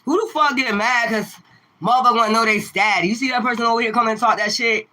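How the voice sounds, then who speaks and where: A woman who does tarot readings on a livestream, ranting straight at her viewers. Her voice is sharp and forceful, full of swearing and combative rhetorical questions that she keeps coming back to. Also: a little high, fast. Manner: profane and confrontational.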